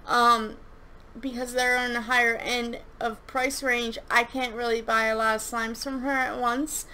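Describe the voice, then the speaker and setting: A woman's voice: on the high side, flat delivery, unhurried, sharp tone. A young woman chatting casually through a product review, rambling and gushing, with frequent restarts and fillers. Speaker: slime reviewer and shop owner.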